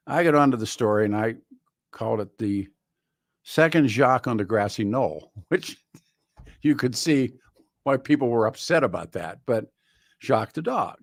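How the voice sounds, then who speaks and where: A man's voice: mid-range voice, expressive, moderate pace, no echo. A man hosting a talk radio show in a studio, delivering a rambling, wry monologue full of restarts. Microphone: studio microphone.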